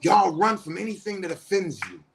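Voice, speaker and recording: A man's voice: sits high, fairly quick, vocal fry, a little hiss or hum. Fired-up man with AAVE speech. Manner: passionate, blunt, heavy swearing, rising to shouts. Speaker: spiritual teacher and counselor. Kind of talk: impassioned profane monologue.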